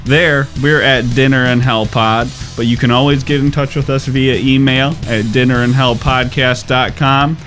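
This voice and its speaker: A man hosting a history podcast, explaining in a relaxed, casual way and wrapping up the show. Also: medium pitch, normal speed, few pauses, faint music behind. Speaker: podcast host.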